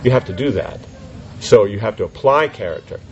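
A man teaching a class in an informal question-and-answer session, animated and full of rhetorical questions. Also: fairly low pitch, fairly quick, muffled recording.

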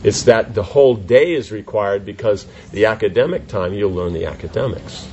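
Man teaching a class, lowish voice, lively and rhetorical; muffled, faintly noisy room recording. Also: normal speed. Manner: animated, rhetorical questions, mock voices. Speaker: spiritual teacher answering questions. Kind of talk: informal class Q&A.

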